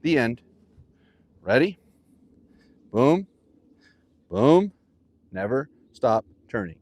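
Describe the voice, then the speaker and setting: A man giving an on-course golf lesson outdoors, coaching in a playful, animated way with vivid imagery. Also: mid-range voice, very slow, dry recording. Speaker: golf instructor.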